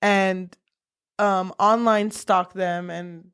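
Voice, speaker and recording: Young woman, casual podcast co-host; animated recap, laughs easily, mid pitch. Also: drawn-out words, smooth. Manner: animated retelling, laughs often, swears casually. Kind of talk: casual book discussion.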